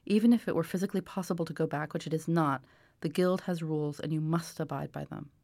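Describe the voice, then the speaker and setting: A woman reading the lines of a gentle, earnest old man who speaks patiently and firmly. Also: deep voice, fast, no room sound. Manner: patient, apologetic, firm.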